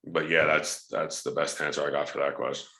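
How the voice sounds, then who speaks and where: Low, punchy male wrestler-actor, lively storyteller, roomy echo. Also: a little fast. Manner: animated storyteller, acts out quoted voices. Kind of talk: casual interview chat.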